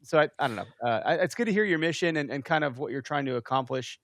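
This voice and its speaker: Brief: quick-talking male podcast host, mid-pitched, easygoing storyteller, dry close sound. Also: lively intonation, a bit bright, no room sound. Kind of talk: casual podcast conversation.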